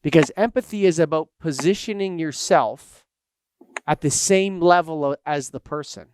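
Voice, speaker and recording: A man co-hosting a podcast in casual chat, telling anecdotes in an animated way. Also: a little high, normal speed, a little hiss or hum. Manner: animated storyteller, acts out anecdotes. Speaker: podcast co-host.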